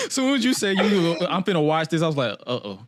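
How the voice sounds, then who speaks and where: A man's voice: high-pitched, normal speed, slight background noise. A young man hosting a podcast in casual chat, laughing often and swearing freely as he tells stories. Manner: laughs a lot, swears freely, lively storytelling. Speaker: podcast host.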